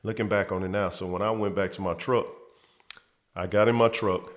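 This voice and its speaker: A man's voice: on the low side, steady tone, moderate pace. A man hosting his show, telling a personal story in casual talk, repeating words and acting out quotes. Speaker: host.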